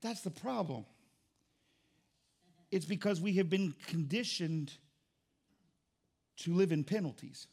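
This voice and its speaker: Man, pastor, high voice, emphatic jokey sermon, exclamations. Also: expressive, takes it slowly, gravelly, pauses often, darkish tone, breathy edge.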